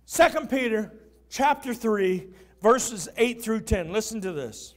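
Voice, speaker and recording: A man pastor preaching an impassioned sermon, rising to shouts at the peaks. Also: high-pitched, lively intonation, takes it slowly.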